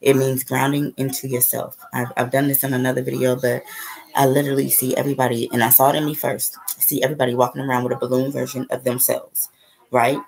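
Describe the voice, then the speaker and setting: A spiritual vlogger speaks fast in a very deep, darkish voice with vocal fry, keeping her tone level. Her casual, rambling story is full of swearing and frequent "okay?" and "right?" asides. The audio is poor.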